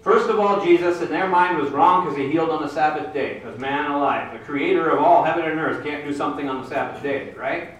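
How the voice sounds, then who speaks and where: High-voiced preacher in an echoey hall. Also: male voice, a little fast, hardly any pauses. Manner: storytelling, acting out the Bible characters' voices. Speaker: pastor. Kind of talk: sermon. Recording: very echoey hall, mic at a distance.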